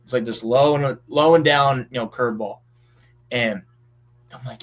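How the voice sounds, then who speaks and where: A young man around twenty from southeastern Pennsylvania, a college ballplayer telling stories in a relaxed chat, full of fillers. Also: medium pitch, normal speed. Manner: relaxed storytelling with many fillers. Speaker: college baseball player, guest. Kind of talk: casual chat.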